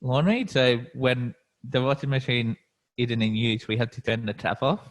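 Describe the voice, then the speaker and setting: A man's voice: mid-range voice, moderate pace. A man with an Australian accent hosting a podcast in casual chat, laid-back and rambling with easy chuckles. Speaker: podcast host.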